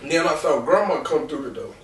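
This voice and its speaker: A man's voice: fairly high pitch, quick pace. A man in his twenties, a podcast host, telling a raw, rambling and emotional personal story with lots of "real talk" and "bro". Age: 20s. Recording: echoey room, distant mic.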